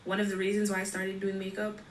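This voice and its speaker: A woman makeup creator speaking to camera in a measured, emphatic way. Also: medium pitch, monotone. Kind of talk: personal talk to camera. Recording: roomy with faint noise.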